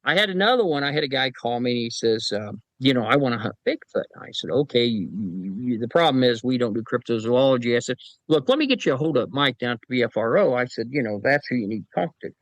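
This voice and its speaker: A man's voice: mid-range voice, very animated, fast talker, no room sound, poor audio. A man being interviewed on a podcast, telling folksy anecdotes about his paranormal team and often acting out the people in them. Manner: folksy anecdotes, acts out voices in quotes, chuckles. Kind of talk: casual storytelling interview.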